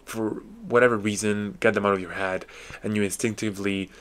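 A young man with a slightly low voice hosts his own podcast, chatting loosely about music he loves. He gushes with casual slang and leans on fillers as he thinks aloud. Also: fairly even intonation, brisk, fairly bright tone. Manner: enthusiastic, full of fillers and slang. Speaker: podcast host. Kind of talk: casual music review monologue.

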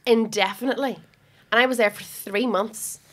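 A woman's voice: on the high side, normal speed. A young woman with a Northern Irish accent hosting a podcast, telling jokey stories in casual chat. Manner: jokey, animated storytelling. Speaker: podcast host.

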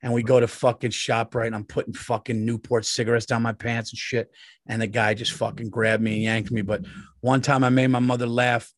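A man's voice: medium pitch, little pitch movement, a little fast, no room sound, studio quality. A man in his forties telling rambling, profane stories as a comedian co-host in casual podcast chat. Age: 40s.

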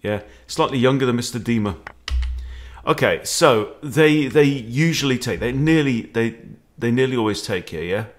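A man coaching chess in a jokey, theatrical way. His voice sits at an ordinary pitch but swings up and down a lot as he plays up the moves. He keeps the tone of a friendly lesson. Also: moderate pace. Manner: playful, animated, jokey with exclamations.

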